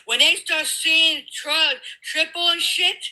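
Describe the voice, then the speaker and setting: A woman's voice: extremely high pitch, steady tone, slow pace, sharp tone, low-quality recording. A woman in a heated political argument, ranting with lots of profanity. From California.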